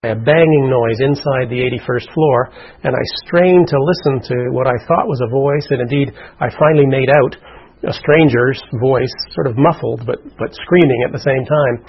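On a muffled recording, a man who survived an ordeal recounts his personal story in an interview with earnest feeling, voicing the words of others. He speaks at a moderate pace in a mid-range, breathy voice.

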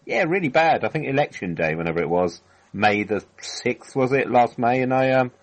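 A man's voice: medium pitch, moderate pace, poor audio. A British man as a guest in a casual chat, telling stories in a meandering way. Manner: lively, meandering storyteller.

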